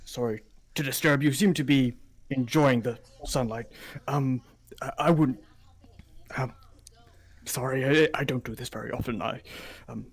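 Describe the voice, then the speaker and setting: A man's voice: medium pitch, slightly rough. A man playing a flustered awkward doctor. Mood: apologetic. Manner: stammering, apologetic, halting. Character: nervous, socially awkward male doctor. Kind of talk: tabletop role-play character voice.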